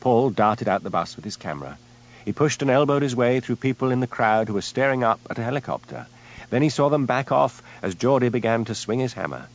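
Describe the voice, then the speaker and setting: A man narrating an audiobook in a lively, dramatic storytelling manner, on a dull lo-fi recording. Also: mid-range voice, fairly quick. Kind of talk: scripted narration.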